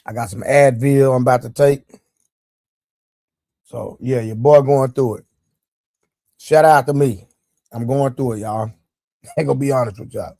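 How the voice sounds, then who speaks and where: A man hosts a casual live stream in a mid-range, dark voice at a moderate pace with long pauses, recorded at studio quality without room sound. He jokes loosely and speaks directly to his chat, greeting viewers by name. He eats as he talks, and his leg is sore.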